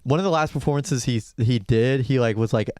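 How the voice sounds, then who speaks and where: A man co-hosting a podcast in a loose, rambling, sarcastic way. His voice is medium in pitch. The recording is dry, with no room echo. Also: a little fast, darkish tone. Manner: rambling, sarcastic, laughs often. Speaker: podcast co-host. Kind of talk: casual podcast chat.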